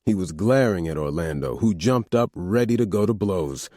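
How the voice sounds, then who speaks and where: A man narrating an audiobook in the first person, with expressive storytelling. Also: low-pitched, moderate pace, no room sound, clean studio sound.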